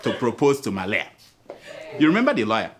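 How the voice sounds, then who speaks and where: Animated laughing Nigerian comic host. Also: male voice, medium pitch, fast, background noise. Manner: animated, laughing through his jokes. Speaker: satirical show host. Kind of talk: comic news commentary.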